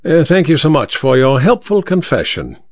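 A man voicing a shrewd Victorian detective who talks in a crisp, bland, self-assured way, in a storybook reading. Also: a little high, huge pitch swings, moderate pace, no room sound. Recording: dry, slightly dull recording.

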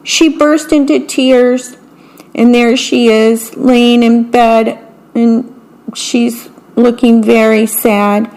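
A woman reading a picture book aloud at a slow, deliberate pace. Her voice sits a little high, and she stops between passages to describe the pictures. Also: fairly even intonation, a little mellow. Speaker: storyteller.

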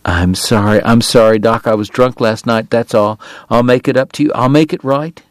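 A man voicing a devoted, clingy frontier saloon woman who coaxes softly and slips into French endearments. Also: mid-range voice, normal speed, dry recording, lightly acted. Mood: coaxing. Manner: soft, pleading, dropping into French endearments.

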